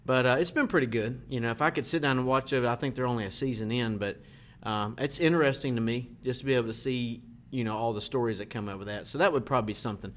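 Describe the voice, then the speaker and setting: A man who works in church ministry, answering a guest interview in a halting way, searching for words with many fillers. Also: mid-range voice. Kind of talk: casual interview chat.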